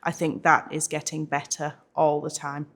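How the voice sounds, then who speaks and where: An English woman barrister speaking in a measured, steady way in a documentary interview. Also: deep voice.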